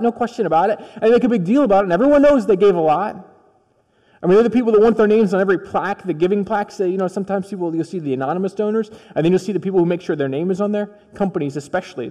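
Dark-toned male preacher in a reverberant hall. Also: sits high. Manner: conversational storytelling that acts out dialogue. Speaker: pastor. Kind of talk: sermon. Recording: long reverb of a large hall.

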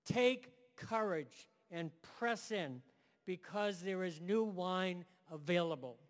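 A man's voice: high-pitched, slow, in a large hall. A man preaching a sermon to a room and online audience, emphatic, building phrases in repeated lists.

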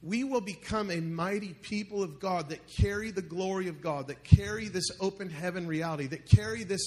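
Male pastor, high-pitched, preaches to a live church crowd, playful, keeps quizzing the congregation. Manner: joking, calls out questions to the congregation. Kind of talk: sermon.

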